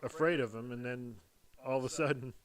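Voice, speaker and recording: A man's voice: medium pitch, fairly quick. A man hosting a casual wrestling podcast, telling stories animatedly and laughing often. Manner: animated storyteller, laughs often, slips into impressions. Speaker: podcast host. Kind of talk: casual chat.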